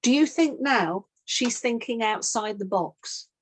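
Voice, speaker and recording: A woman's voice: a little high, lively intonation, takes it slowly, a little hiss or hum. A middle-aged woman leading a team coaching session, telling a sales story and acting out both sides of the call.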